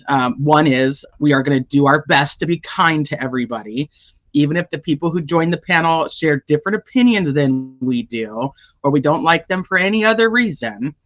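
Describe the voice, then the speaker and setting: A man's voice: on the high side, a bit bright, dry recording, dull audio. A man hosting a casual livestream and chatting with viewers, with a sore throat. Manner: chatty, greets viewers by name. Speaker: livestream host.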